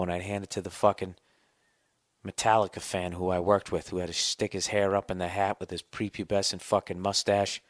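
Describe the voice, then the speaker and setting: A middle-aged man with a very deep voice rants through a comic podcast monologue, swearing freely and dripping with sarcasm. The sound is close and completely dry, with no room echo. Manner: profane, ranting, sarcastic storyteller. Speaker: podcast host.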